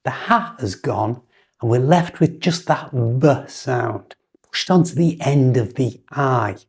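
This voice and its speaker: A woman with a British accent teaching English pronunciation patiently, speaking example sentences slowly and clearly. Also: very deep voice, lively intonation, darkish tone. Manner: patient, instructive, over-articulated examples.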